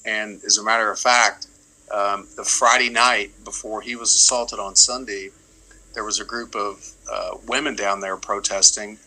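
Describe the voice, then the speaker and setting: Attorney, middle-aged man, bright husky voice, emphatic, restarts phrases. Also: on the low side, steady tone, normal speed, poor audio. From United States. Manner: emphatic, repeats words while building points. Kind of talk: livestream interview.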